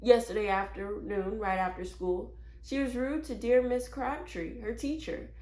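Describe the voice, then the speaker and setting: A woman's voice: fairly high pitch, fairly even intonation, measured pace, warm tone, pitched above the performer's own voice, lightly acted. A woman voicing a worried, polite mother in a read-aloud storybook. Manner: fretful, polite. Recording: roomy echo.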